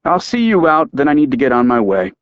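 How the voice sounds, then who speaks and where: A man's voice: mid-range voice, sing-song, fairly quick, no room sound, highs cut off, voice pushed up, close to an everyday voice. A man reading an audiobook, voicing a smug, callous man who talks in a dismissive, sardonic way.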